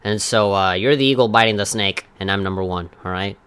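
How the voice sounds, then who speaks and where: Bright, clear-voiced playful man. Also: on the low side, a little fast. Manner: playful, jokey, breaks into silly shouted bits. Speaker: podcast co-host. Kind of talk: casual podcast chat.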